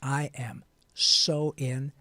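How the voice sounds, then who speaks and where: A man, a voice actor, telling his story in an interview in an earnest, animated and frank way. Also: mid-range voice, very slow, dry recording. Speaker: guest voice actor.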